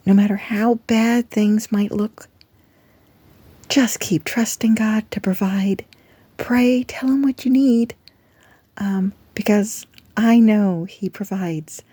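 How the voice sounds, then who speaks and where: A woman giving an earnest, gentle devotional talk that encourages her listeners. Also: medium pitch, husky, dry recording. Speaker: Christian devotional speaker.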